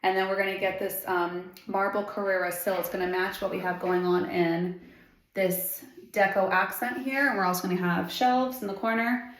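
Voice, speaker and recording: A woman's voice: medium pitch, flat delivery, moderate pace. Chatty woman designer vlogging a renovation. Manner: chatty, upbeat, loose with fillers. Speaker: interior designer. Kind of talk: casual vlog narration. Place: house under renovation, indoors.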